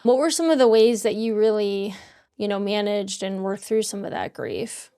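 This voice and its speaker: A woman's voice: medium pitch, expressive, moderate pace, mellow, clear, resonant tone. A woman in her forties hosting a podcast, talking in an open, searching way with lots of "like" and "you know.". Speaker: podcast host and dental coach. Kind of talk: casual reflective conversation.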